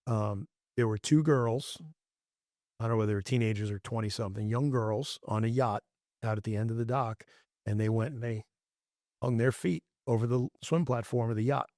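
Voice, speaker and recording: A man's voice: mid-range voice, brisk, a little mellow, no room sound, clean studio sound. A man hosting a casual fishing chat, telling rambling stories with frequent restarts and folksy phrasing. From Florida. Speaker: fishing podcast host.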